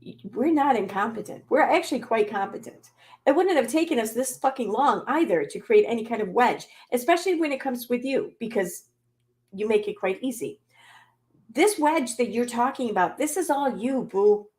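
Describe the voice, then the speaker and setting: A woman's voice: on the high side, animated, moderate pace, a little mellow. Sarcastic, fed-up woman ranting. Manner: sarcastic, exasperated, heavy swearing. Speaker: commentary channel host. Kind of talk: reaction commentary rant.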